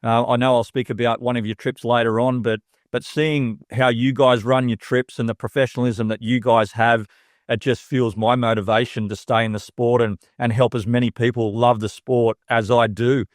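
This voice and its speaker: A man's voice: medium pitch, little pitch movement, moderate pace, no echo, studio quality. A man with an Australian accent, a tennis coach chatting as an interview guest, upbeat and full of casual slang.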